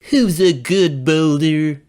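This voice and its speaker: A man voicing an excitable young male henchman, with a high, loud, yelping voice. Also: slow pace. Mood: frantic, excited.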